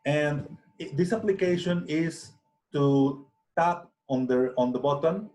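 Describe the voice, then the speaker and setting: Slow, hesitant man teaching. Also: a little high, a little mellow. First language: Spanish. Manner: slow, hesitant, many restarts and fillers. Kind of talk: software tutorial screencast.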